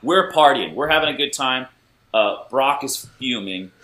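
A man in his thirties, a podcast guest, telling a story in a loose, animated way and laughing often. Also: mid-range voice, normal speed, slight background noise, rough recording. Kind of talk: casual storytelling.

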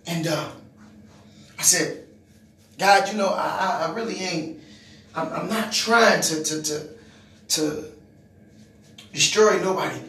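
A man's voice: a little high, takes it slowly, long pauses, bright, forceful tone, roomy sound, far from the mic. A man telling a personal testimony, repeating words and restarting his sentences, building to emphatic moments. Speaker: speaker giving a personal testimony. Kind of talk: testimony storytelling.

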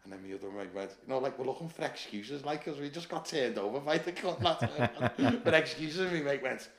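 A man's voice: mid-range voice, animated, a little fast, fairly bright tone, reverberant. A man with a Liverpool accent, a former doorman, telling stories in casual chat, swearing and laughing as he goes. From Liverpool, England. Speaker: podcast guest, former doorman.

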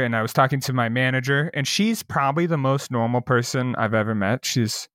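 A man's voice: mid-range voice, moderate pace, hardly any pauses, fairly bright tone, no echo, studio quality. A young man co-hosting a podcast, telling crude stories in a rambling, casual way with many restarts. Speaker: podcast co-host. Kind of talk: casual chat.

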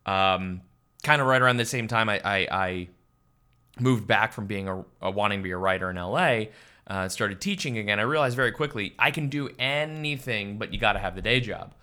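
A man's voice: lowish voice, fairly quick. A man in his thirties hosting a podcast, chatting casually and telling stories with playful impressions. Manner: animated storyteller, slips into impressions. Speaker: podcast host. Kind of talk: casual chat.

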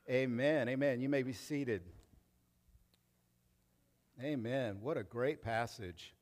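A man preaching a sermon as pastor, reading scripture quietly and then driving his points home loudly. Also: medium pitch, slow, pauses often, in a large hall. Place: church sanctuary.

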